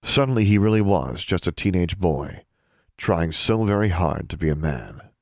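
A man narrating a story aloud in a steady storytelling manner. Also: sits low, moderate pace, no echo, studio quality. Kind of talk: audiobook reading of fan fiction.

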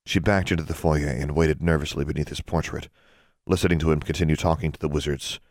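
A man narrates a fantasy audiobook with a steady, measured delivery. His voice sits extremely low. The recording is close and dry. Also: dry recording. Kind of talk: scripted narration.

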